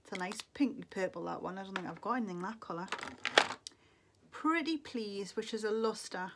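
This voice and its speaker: A woman's voice: medium pitch, fairly quick, heavy background noise. A middle-aged woman from England, chatting to camera as a beauty vlogger, muttering to herself in a wistful, casual way. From Northeast England.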